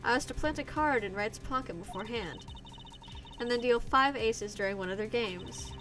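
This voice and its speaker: A woman's voice: fairly high pitch, normal speed, over music, natural voice. A woman voicing a sly female card dealer on the witness stand, speaking in a put-on Russian accent with a smug, evasive manner. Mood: scheming.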